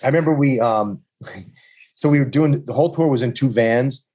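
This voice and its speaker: Rambling New York punk musician. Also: male voice, medium pitch, normal speed, mellow. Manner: rambling, restarts a lot. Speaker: podcast guest, punk musician. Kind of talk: casual storytelling.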